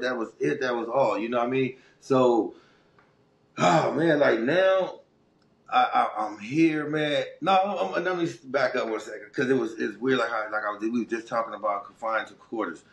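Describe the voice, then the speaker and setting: A middle-aged man from Los Angeles with a local accent, telling his life story in a casual, animated, streetwise and heartfelt way as an interview guest. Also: mid-range voice, gravelly, reverberant.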